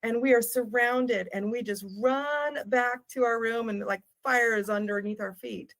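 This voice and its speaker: An older woman, a travel writer, telling stories as a podcast guest in a lively, laughing manner. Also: fairly high pitch, measured pace. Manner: animated, laughing storyteller. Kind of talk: storytelling in a podcast interview.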